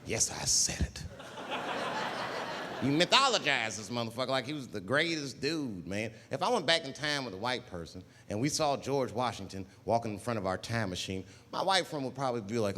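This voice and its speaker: A man performing a stand-up comedy routine on stage, talking in an animated way and jumping into loud put-on voices. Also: mid-range voice, fairly quick. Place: stage in a large hall. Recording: live hall recording, faint ambience.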